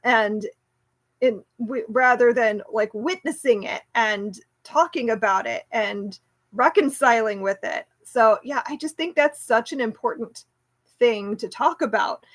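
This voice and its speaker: A woman's voice: a little high, a little slow. Chatty woman hosting a book club. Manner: chatty and rambling, with many restarts and fillers; warmly enthusiastic, laughs easily. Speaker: homeschool book club host. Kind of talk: casual book club chat.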